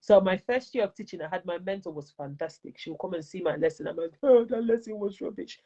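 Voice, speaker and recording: Animated Nigerian-accented woman teacher. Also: lowish voice, fast talker. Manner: animated, emphatic, repeats advice for stress. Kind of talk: casual interview chat. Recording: dull lo-fi recording.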